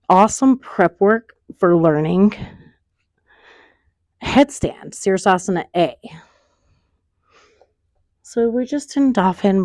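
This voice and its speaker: Slow, gravelly-voiced woman yoga teacher. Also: mid-range voice, no room sound. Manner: slow, calm cueing of poses and breath. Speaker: yoga instructor. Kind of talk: guided yoga class instruction.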